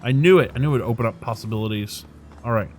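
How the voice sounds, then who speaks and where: A man's voice: mid-range voice, fast, soft background music. A man hosting a let's play, giving casual, joking commentary and reading game text aloud.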